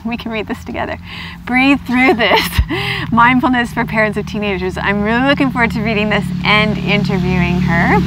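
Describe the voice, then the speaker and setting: A woman host chatting casually in her vlog as she unboxes gifts in a car, gushing and gasping with excitement. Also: mid-range voice, heavy background noise. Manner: gushing, excitable, gasps and squeals with delight. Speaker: yoga vlogger.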